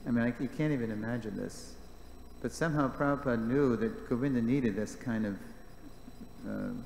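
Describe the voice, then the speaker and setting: Male class presenter, animated storyteller, recorded in a reverberant hall. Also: medium pitch, creaky. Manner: animated storyteller, reads quotes aloud, jokes with the class. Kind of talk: reading aloud and commenting in a class. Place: temple hall. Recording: echoey hall with faint background noise.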